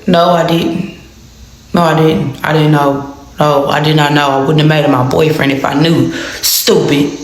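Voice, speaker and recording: A woman telling a personal story to her viewers in a casual storytime, animated and heavily profane, repeating phrases for emphasis. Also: deep voice, normal speed. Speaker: storytime vlogger. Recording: very echoey room.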